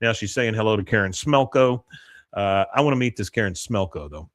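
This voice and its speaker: A man's voice: fairly low pitch, animated, a little fast, dry recording. A man hosting a podcast, chatting casually through a show recap, laughing often and filling his speech with uhs. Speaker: podcast host. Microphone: close mic, live stream.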